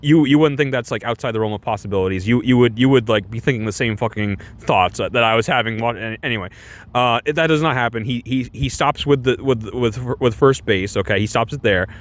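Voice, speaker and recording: A man's voice: mid-range voice, fairly quick. A young man giving a casual, sarcastic movie review on a stream, full of restarts and rhetorical questions.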